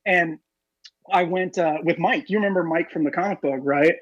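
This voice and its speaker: A man talking fast and rambling with lots of fillers in casual podcast chat. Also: fairly high pitch, no room sound, lo-fi sound. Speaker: podcast co-host.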